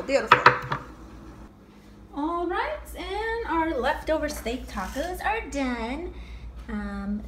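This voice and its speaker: A young woman with a high, bright voice hosts a casual cooking vlog from her home kitchen. She jokes, swears offhandedly and breaks into silly chopping chants. Knife chopping and kitchen noise sit clearly behind her. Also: rough recording. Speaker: comedian cooking vlogger.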